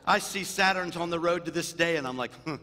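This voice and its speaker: A man, a senior pastor, preaching a sermon in a church, telling stories with humor and moving between loud animated bursts and hushed, tender moments. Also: on the high side, brisk, a little hiss or hum. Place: church sanctuary. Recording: long hall reverb in a church.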